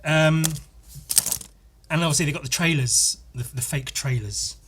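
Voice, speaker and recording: A man's voice: on the high side, measured pace, noisy background. A man from Scotland hosting a podcast, riffing in a profane, self-mocking, rambling comic monologue. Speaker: podcast host. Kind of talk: casual comedic monologue.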